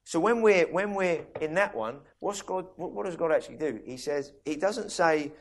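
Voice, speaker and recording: A man preaching a sermon in a conversational way, restarting sentences and asking listeners questions. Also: a little high. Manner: conversational, with many quick restarts and asides to listeners.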